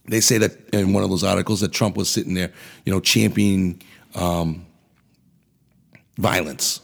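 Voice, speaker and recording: A man with a very low, gravelly voice that has plenty of fry. He rants about politics on his podcast in a blunt, profane way. His tone is husky and rough throughout. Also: steady tone, moderate pace. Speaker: podcast host. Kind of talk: ranting political commentary.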